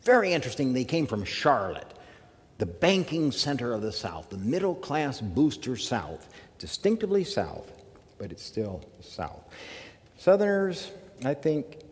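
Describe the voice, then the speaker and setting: A man from the American South giving a measured academic lecture, with emphatic phrasing and pauses. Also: mid-range voice, sing-song, in a large hall. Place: lecture hall.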